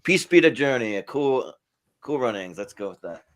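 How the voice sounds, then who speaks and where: A man's voice: medium pitch, expressive, moderate pace. A man chatting casually as a panelist, rambling with lots of fillers. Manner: rambling, many fillers and restarts. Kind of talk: casual group chat.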